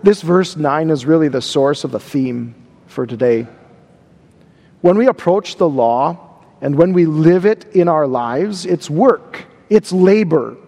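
Emphatic preacher in an echoing hall. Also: male voice, on the high side, animated, unhurried, vocal fry, warm tone. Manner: emphatic, repeats words for stress. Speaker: pastor. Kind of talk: sermon.

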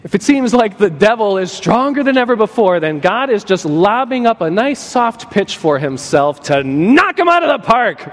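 A man preaching an animated sermon as a pastor, playful and joking, acting out little voices as he tells the story. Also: high-pitched. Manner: playful, acts out voices and jokes. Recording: long hall reverb.

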